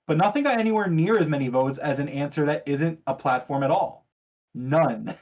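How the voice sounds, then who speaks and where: A man's voice: a little high, moderate pace, darkish tone, dull audio. Chatty male podcast host reading news. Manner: chatty, sarcastic, leads the discussion. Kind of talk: casual podcast chat, reading news aloud.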